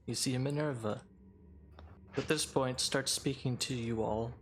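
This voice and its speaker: Brief: mid-pitched male game master, easygoing narration. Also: fairly even intonation, measured pace, slight background noise.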